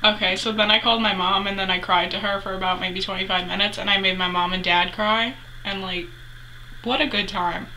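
A woman's voice: mid-range voice, steady tone, a little fast, sharp tone, a little hiss or hum, rough recording. A young adult woman chatting casually as a vlogger, retelling a story with lots of 'like' fillers.

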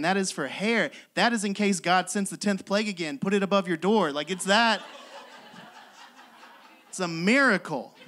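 A man's voice: high voice, fairly bright tone, a little hiss or hum. A man in his twenties telling self-deprecating stories in a stand-up comedy set, laughing between lines. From West Virginia. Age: 20s. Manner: self-deprecating storytelling with lots of laughing asides. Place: comedy club stage with live audience.

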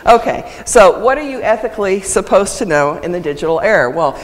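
A woman presenting a legal ethics lecture at a symposium, lively and emphatic, laughing often. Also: medium pitch, fairly quick. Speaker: conference speaker on legal ethics. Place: lecture hall. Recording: reverberant hall sound.

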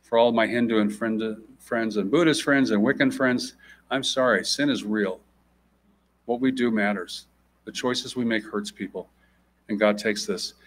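A man preaching a sermon as a guest speaker, urgent and emphatic, swinging between loud rises and quiet drops, and acting out quoted people in raised voices. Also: fairly low pitch, moderate pace.

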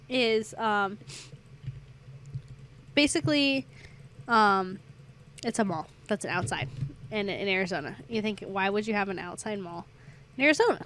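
A woman's voice: medium pitch, a bit bright, a little hiss or hum. A young adult woman streamer chatting casually while gaming, rambling through a story and getting sidetracked by the game.

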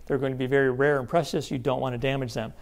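A man's voice: medium pitch, level tone, quick pace, gravelly. A man giving an emphatic Bible teaching seminar, often checking in with his listeners. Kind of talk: sermon-style seminar teaching.

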